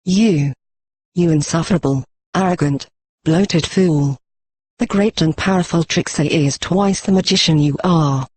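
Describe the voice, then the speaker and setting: A woman's voice: deep voice, unhurried, a little mellow, breathy edge, dry recording. A text-to-speech male voice reading the lines of a proud, boastful female unicorn pony magician who speaks of herself in the third person. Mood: furious. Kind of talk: synthetic fanfic reading.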